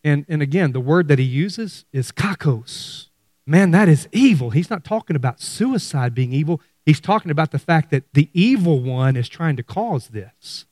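A man's voice: fairly high pitch, lively intonation, normal speed, darkish tone, no echo, clean studio sound. A middle-aged man preaching a sermon, speaking animatedly to his congregation. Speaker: pastor.

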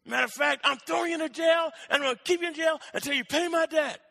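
A man preaching voices a ruthless servant who shouts at a fellow servant to pay up, in an echoey hall. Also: extremely high pitch, fast, vocal fry, pitched above the performer's own voice, exaggerated voice. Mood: furious. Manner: shouting, furious demands.

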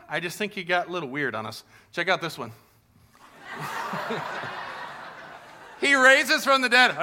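A man's voice: sits high, bright, forceful tone. A man preaching a casual, humorous Easter sermon to a packed church congregation, upbeat and full of fillers. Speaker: pastor.

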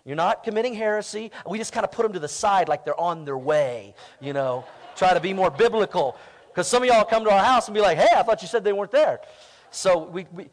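A man preaching a sermon, telling a personal story in a conversational way and building to emphatic declarations. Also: extremely high pitch. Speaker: pastor.

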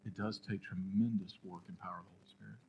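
A man preaching a sermon as pastor, telling a story, then swinging between loud urging and a hushed, prayerful hush. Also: sits low, steady tone, fast talker, vocal fry, slight background noise, rough recording.

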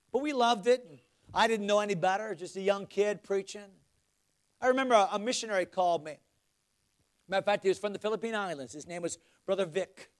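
A middle-aged male pastor preaching a sermon, swinging from loud exhortation to hushed, earnest questions. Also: sits high.

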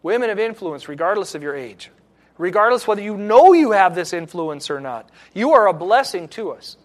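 A man's voice: high voice, big pitch swings, normal speed. A middle-aged male pastor giving an earnest, reflective sermon with personal stories.

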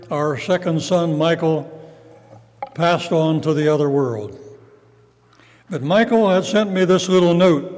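An older man preaching a sermon in a measured, reflective way, with pauses. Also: fairly high pitch, a little mellow, in a large hall, low-quality recording. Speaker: pastor.

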